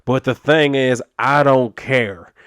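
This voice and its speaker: A man putting on a contemptuous small-town sheriff who talks out of the side of his mouth, as if he had a wad of chewing tobacco in his lip. The drawl is gruff and dismissive, a little raised and pushed louder than an ordinary voice. It is recorded close and dry, with no room sound. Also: mid-range voice, takes it slowly, dry recording.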